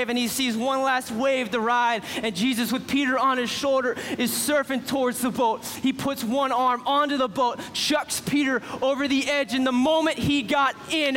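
A man preaching an animated sermon, retelling a story excitedly and acting out the characters. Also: very high-pitched, normal speed, few pauses. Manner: excitable, acts out characters, drops to a hush for drama. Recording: long hall reverb with faint ambience.

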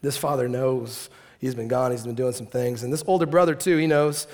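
A man's voice: mid-range voice, steady tone, a little fast, a little mellow. A man preaching a sermon in a playful way, acting out the story as he tells it. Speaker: pastor.

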